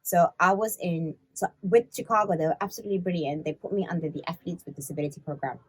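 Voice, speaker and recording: A woman's voice: lowish voice, quick pace, breathy edge. A woman, a podcast guest telling stories in a casual interview and animatedly acting out the people in them. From London.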